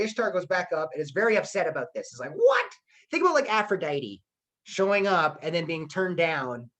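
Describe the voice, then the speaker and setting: A male history teacher retelling a myth in a playful, animated online class. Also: high voice, poor audio.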